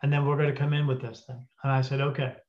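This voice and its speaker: A man telling a story casually as a podcast guest, acting out the dialogue and often clearing his throat. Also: medium pitch, quick pace. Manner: animated retelling with quoted dialogue. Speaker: guest spirit medium. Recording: dull lo-fi audio.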